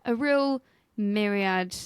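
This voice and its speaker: A woman's voice: medium pitch, slow, clean tone, dry recording. A woman co-hosting a history podcast in a casual, jokey way, swearing freely as she tells the story. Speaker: podcast co-host and researcher.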